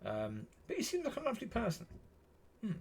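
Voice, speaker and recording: A vlogger speaks casually and repetitively to camera, exasperated and plain in his wording, looping back on himself. His high, slightly rough voice swoops hugely in pitch as he talks briskly.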